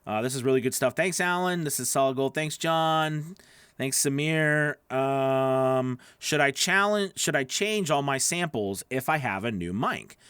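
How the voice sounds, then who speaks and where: A man's voice: medium pitch, animated, unhurried, fairly bright tone, clear, resonant tone, dry recording. A man coaching voice actors on a live stream, chatty and encouraging as he answers viewer questions into a studio microphone. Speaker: voice-over coach.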